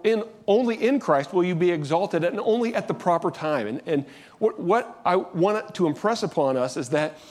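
Earnest preaching man, slightly high voice. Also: darkish tone. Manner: earnest, conversational preaching with frequent restarts. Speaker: pastor. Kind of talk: sermon.

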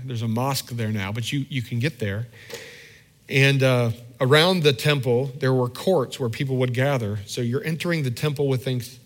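A middle-aged man preaching a sermon as pastor, candid and self-deprecating, acting out little quoted scenes in a conversational way. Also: mid-range voice.

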